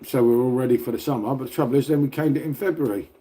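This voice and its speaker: A man's voice: medium pitch, racing, mellow. A middle-aged man chatting casually on a livestream, rambling, laughing and swearing as he talks to viewers from home. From Britain. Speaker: livestreamer reading chat. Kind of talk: casual live chat. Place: indoors at home next to a radiator.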